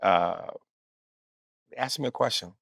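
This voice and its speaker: A man's voice: low voice, slow, creaky, fairly bright tone, breathy edge, no echo, studio quality. A man guest chatting in a casual, easygoing way.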